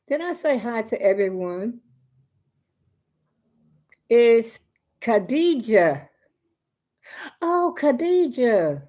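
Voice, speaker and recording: A woman's voice: lowish voice, darkish tone. An older woman chatting casually on a live stream, homey and talkative, calling her viewers y'all, a little out of breath. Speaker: vlogger.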